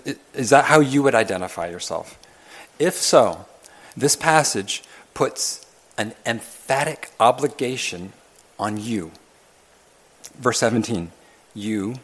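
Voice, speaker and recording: A man preaching a sermon as pastor, earnest and emphatic, often repeating and restarting phrases. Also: fairly low pitch.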